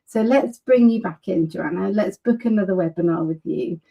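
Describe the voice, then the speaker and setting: Lady hosting a webinar, super enthusiastic, mellow dark voice. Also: medium pitch, moderate pace, creaky, slightly rough, low-quality recording. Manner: gushing, enthusiastic. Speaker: webinar host.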